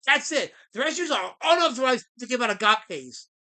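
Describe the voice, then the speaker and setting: A man hosting a livestream, ranting at his chat in a theatrical, mock-indignant way and swinging between loud outbursts and low mutters. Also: sing-song, brisk. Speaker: livestream host.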